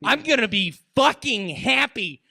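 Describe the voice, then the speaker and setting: A man's voice: extremely high pitch, very animated, creaky, bright, forceful tone. A man doing rambling, absurd stand-up and banter on a comedy club stage with a handheld mic. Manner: drawling, rambling and absurd, slow and halting. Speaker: stand-up comic guest.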